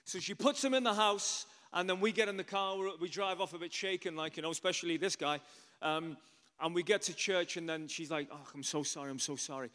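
A man preaching in a loose storytelling way, full of "you know" asides and animated turns. His voice sits fairly high for a man, and the sound rings with a long hall reverb. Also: fairly quick. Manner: chatty, animated, many asides. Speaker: pastor. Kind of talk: storytelling sermon.

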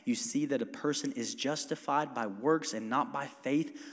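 A man preaching a sermon as pastor, moving from quiet, near-whispered passages to loud, emphatic stretches and calling on the congregation to answer back. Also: medium pitch, moderate pace. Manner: calls for congregation responses. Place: church sanctuary. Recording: long hall reverb.

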